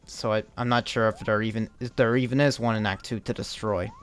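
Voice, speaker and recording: A man's voice: on the low side, steady tone, fairly quick, smooth, faint music behind. A young man chatting casually as he streams a game, rambling and restarting his sentences, with the odd curse thrown in. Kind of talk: casual live-stream commentary while playing.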